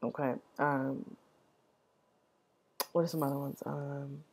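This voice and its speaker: Low-voiced woman rambling, slow and dark. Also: little pitch movement, husky. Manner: rambling, repeats words, many "right?" checks. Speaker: vlogger explaining language. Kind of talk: casual explanatory talk.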